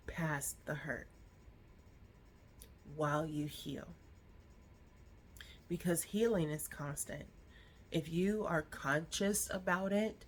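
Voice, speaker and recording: Slow, earnest woman vlogger. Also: fairly low pitch, slight background noise. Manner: earnest, reflective, gentle encouragement. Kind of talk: heartfelt personal vlog talk.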